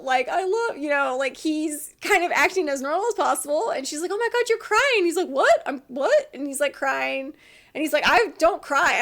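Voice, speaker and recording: Female vlogger, high voice, gravelly fry, chatty and giggly. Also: a bit bright. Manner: chatty, laughs often, acts out quotes. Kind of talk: casual chat about TV dramas.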